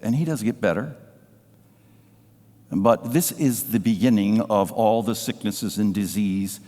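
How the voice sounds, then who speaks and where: Low-voiced pastor preaching in a reverberant church. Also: male voice, unhurried. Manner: storytelling, emotional, drops to a hush. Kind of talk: sermon. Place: church sanctuary. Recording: live church sound with long reverb. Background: band playing softly.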